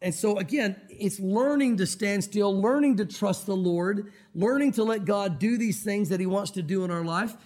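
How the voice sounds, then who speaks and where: A man preaching a sermon as a pastor, animated and acting out Bible scenes. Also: high-pitched, moderate pace, hardly any pauses. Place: church sanctuary.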